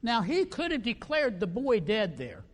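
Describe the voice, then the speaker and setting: A male pastor preaching a sermon in a church, animated and acting out the characters in the story. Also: high-pitched, normal speed, in a large hall. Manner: animated, acts out quoted characters.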